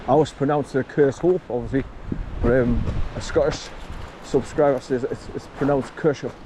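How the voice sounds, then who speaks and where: A man's voice: mid-range voice, steady tone. A man, chatting while walking outdoors in windy drizzle, filmed on a chest-mounted camera. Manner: chatty, talks to his dog between remarks. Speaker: vlogger. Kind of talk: casual walking vlog. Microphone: camera on chest harness. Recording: strong wind noise on mic. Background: wind and rushing water.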